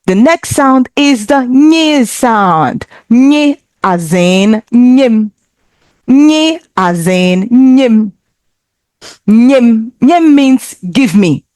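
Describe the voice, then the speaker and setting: A woman teaching a children's language lesson, speaking slowly and with careful, encouraging enunciation. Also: on the high side, animated, darkish tone, dry recording, studio quality.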